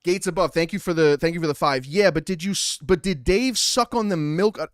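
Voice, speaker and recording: A young man hosting a live stream, ranting with loud, profane bursts and reading out messages from chat. His voice sits high for a man and sounds close and dry, with no room around it. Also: brisk, no room sound. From Italian heritage. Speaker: livestream host. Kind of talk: casual livestream commentary.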